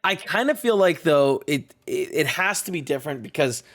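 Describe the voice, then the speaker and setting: Excitable man, slightly high voice. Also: moderate pace. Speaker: podcast guest. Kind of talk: casual movie review chat.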